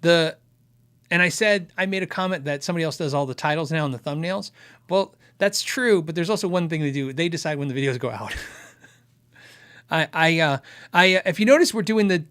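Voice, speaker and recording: Earnest man thinking aloud, slightly high. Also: a little fast, fairly bright tone, clean tone. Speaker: guitar tech channel host. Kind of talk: live-stream chat answering viewer questions.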